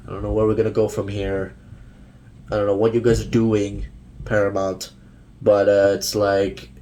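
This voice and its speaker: A man's voice: fairly low pitch, a little mellow. A young man ranting casually to camera as a fan vlogger, rambling with many fillers and restarts.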